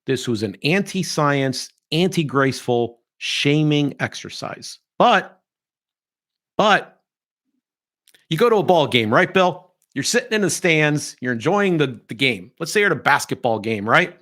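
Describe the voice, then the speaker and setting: A middle-aged man hosting a podcast, giving opinionated commentary in an animated, mocking way and sometimes mimicking others. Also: a little high, unhurried. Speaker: podcast host.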